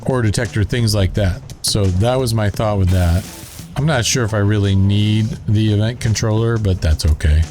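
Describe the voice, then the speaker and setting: A man's voice: lowish voice, moderate pace, darkish tone, soft background music. A man with a Southern drawl chatting casually as he plays and narrates a building game, thinking aloud as he works. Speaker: gaming channel host.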